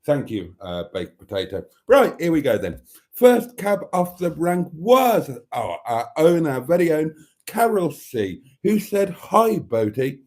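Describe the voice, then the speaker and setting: A man's voice: a little high, sing-song, a little slow, darkish tone. A man hosting a casual live stream, theatrical and camp, calling viewers darling and trading cheeky mock-rude jokes.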